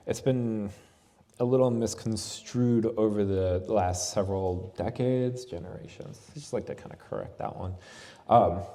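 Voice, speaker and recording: Low-voiced man, yoga talk in hall. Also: dark tone. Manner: conversational, asks "right?" often. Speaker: yoga teacher. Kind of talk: festival talk. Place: festival venue.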